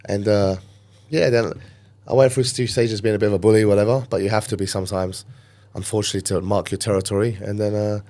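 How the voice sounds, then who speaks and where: A man with a London accent, a podcast guest, telling stories from his youth in a casual, animated way and acting out the voices of people he quotes. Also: lowish voice, quick pace. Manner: animated storyteller who acts out quoted voices. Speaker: podcast guest, gym owner. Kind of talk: casual storytelling interview.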